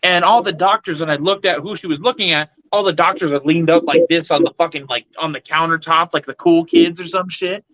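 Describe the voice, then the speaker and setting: A man's voice: fairly high pitch, brisk, hardly any pauses, fairly bright tone, no echo, highs cut off. A man telling a long profane story at an open mic, rambling with many fillers and acting out the other people's lines.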